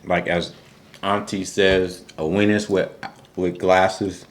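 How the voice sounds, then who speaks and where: Slangy man with a low voice. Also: slow pace. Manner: animated, acts out quotes with sudden high voice; informal, slangy. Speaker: co-host of a reality TV recap. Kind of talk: casual recap chat over a meal.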